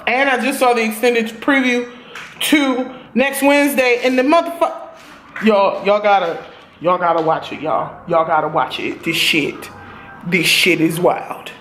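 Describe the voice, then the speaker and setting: A woman reviewing a TV episode in a casual vlog, animated and profane, talking straight to her viewers. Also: a little high, normal speed, slight background noise.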